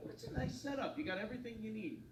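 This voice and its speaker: His voice extremely high and fast, a man hosting a morning show spins a bar story in casual conversation, animatedly acting out each quote. The studio recording sounds roomy and distant, with background noise and a crowd behind.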